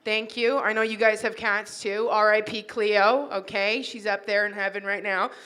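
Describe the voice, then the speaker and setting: A woman's voice: medium pitch, flat delivery, moderate pace, sharp tone, smooth. A woman comedian from Toronto doing a stand-up set at a wedding reception, chatty and teasing the crowd on a handheld mic. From Toronto, Canada.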